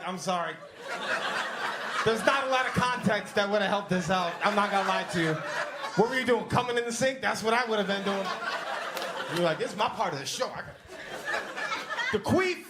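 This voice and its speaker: A young stand-up comedian works the crowd in a basement comedy club, loose, rambling and profane. His voice sits high at a normal speed, and the very noisy recording picks up the echoey room and audience laughter.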